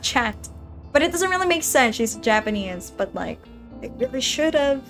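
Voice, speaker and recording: A woman's voice: high-pitched, big pitch swings, normal speed, fairly bright tone, soft background music. A woman streaming a game, chatting casually to her viewers, giggling and rambling as she plays. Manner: giggly, rambling, talks to chat. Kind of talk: casual gaming stream chat.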